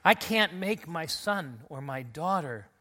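A middle-aged man, a pastor, preaching an earnest Easter sermon to his congregation, recovering from a recent illness and building to loud emphatic calls. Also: on the high side, lively intonation, takes it slowly.

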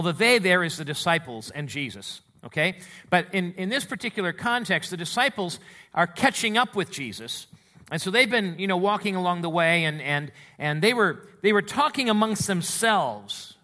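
A man preacher explaining a Bible passage in a conversational, animated way and reading scripture aloud. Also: high-pitched. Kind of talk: sermon.

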